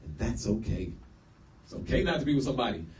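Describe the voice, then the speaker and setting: A man's voice: medium pitch, quick pace. A man giving a casual lecture to a live audience, slangy and acting out quotes. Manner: animated, acts out quoted speech, slangy. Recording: echoey room, mic far off.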